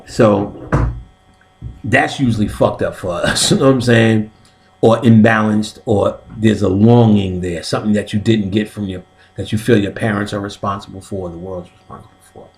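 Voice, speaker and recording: A man's voice: fairly low pitch, fairly even intonation, moderate pace, darkish tone. A man teaching a comic lecture on spiritual topics, swearing freely and often asking "you know what I'm saying". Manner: explains step by step, like a teacher. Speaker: comedic occult class teacher. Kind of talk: stand-up style comedic lecture.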